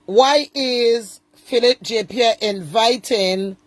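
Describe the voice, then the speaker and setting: A woman's voice: fairly high pitch, slow pace, dry recording. A woman giving casual, indignant commentary from home and repeating her points for emphasis. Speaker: online commentator.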